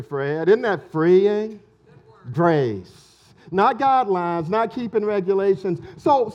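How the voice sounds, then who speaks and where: A pastor preaches in an unhurried, emphatic way, circling back to repeat his key lines. His voice sits high for a man. The recording is muffled and dull. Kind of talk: sermon.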